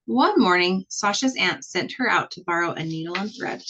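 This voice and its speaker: A woman reading a children's picture book aloud in an expressive, slow storytelling manner. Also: on the low side, dull audio, slight background noise. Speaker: storybook reader.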